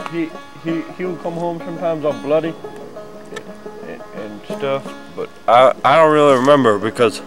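A man playing a rambling, unhinged backwoods man who stammers, trails off and bursts out loud. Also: mid-range voice, natural voice, poor audio. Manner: rambling, stammering, sudden outbursts. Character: rambling unhinged backwoods man, proud of his forest home. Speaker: comedian. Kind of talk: improvised comedy sketch.

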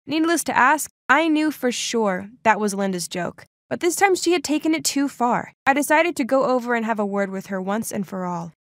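A woman's voice: a little high, no echo, studio quality. A young adult woman narrating a first-person story in a scripted, emotive, dramatic way.

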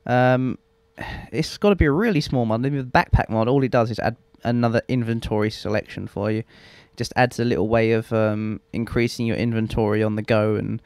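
A man's voice: mid-range voice, steady tone, a little fast, a little mellow, smooth, dry recording. Young dude rambling over his game footage, swears a lot, laughs at himself, dead dry mic. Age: young adult. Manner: rambling, self-mocking, swears freely. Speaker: let's play host. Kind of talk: casual gameplay commentary.

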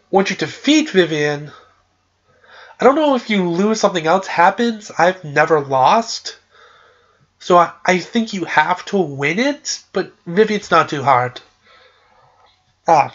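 A podcast host with a mid-range voice casually recaps a game's story, loose and chatty, with plenty of "like" and "uh." The recording sounds muffled.

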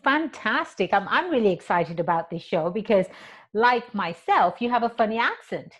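A woman's voice: mid-range voice, animated, normal speed, husky. A woman attorney hosting a podcast interview, chatty, laughing often and telling corny jokes.

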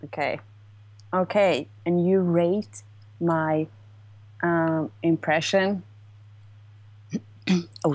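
A woman's voice: low-pitched, steady tone, slow, long pauses, darkish tone, no room sound. A woman co-hosting a casual livestream, talking in a giggly, playful, teasing way. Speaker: streamer's co-host.

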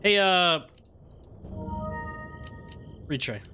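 A young man streaming a video game with casual commentary. He swears freely and rants with growing excitement. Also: high voice, very slow, over music. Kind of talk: casual let's-play commentary.

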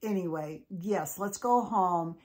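A woman voicing a loving mother who talks in a brisk, upbeat way. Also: fairly low pitch, a little mellow. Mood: cheerful.

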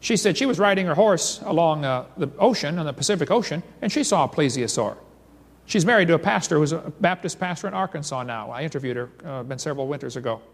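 A man's voice: fairly high pitch, quick pace, creaky. Storytelling man in an echoing hall. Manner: animated storyteller reading accounts aloud. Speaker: creationist seminar speaker. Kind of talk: storytelling seminar lecture. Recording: reverberant lecture hall.

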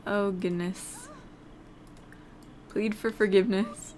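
A woman's voice: medium pitch, takes it slowly, darkish tone, a little hiss or hum. A woman hosting a casual let's play, chatting while she plays and talking to the characters in the game. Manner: chatty, easily distracted, talks to the game characters. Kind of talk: casual gameplay commentary.

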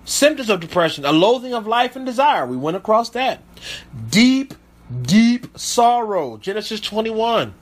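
A man's voice: high voice, lively intonation, a little fast, few pauses. A man preaching as a pastor, reading Bible verses aloud and breaking off to comment with emphatic asides. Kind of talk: sermon with scripture reading.

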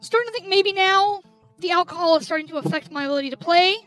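A woman host playing a video game while drinking, swearing loudly at the game and muttering complaints between outbursts. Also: extremely high pitch, quick pace. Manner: loud cursing outbursts at the game; grumbling under her breath between outbursts. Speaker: gaming channel host. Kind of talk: let's play commentary while drinking. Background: game music.

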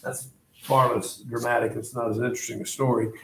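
A male teacher telling a history story to a class in a classroom, animated and dramatic in delivery. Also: mid-range voice, brisk, gravelly, a little hiss or hum.

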